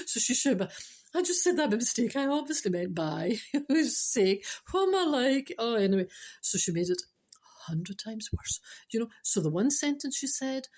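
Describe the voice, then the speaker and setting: A middle-aged Scottish woman tells a funny everyday anecdote, her voice sitting at an ordinary middle pitch. She talks in an animated, exclamatory way and jumps into little acted-out quotes. It comes across as warm-hearted spiritual storytelling. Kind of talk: humorous anecdote told to a listener.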